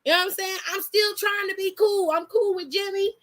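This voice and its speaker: A woman talks through a wrestling show in a loose, slangy recap, animated and quick to laugh. Her voice sits high, with a bright, forceful tone. She sounds like a casual online commentator chatting straight to her viewers.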